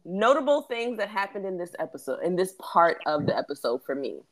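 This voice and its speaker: A woman's voice: fairly low pitch, very animated, a little fast. A woman co-hosting a casual podcast recap who talks animatedly, acts out quoted lines and laughs often. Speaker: podcast co-host.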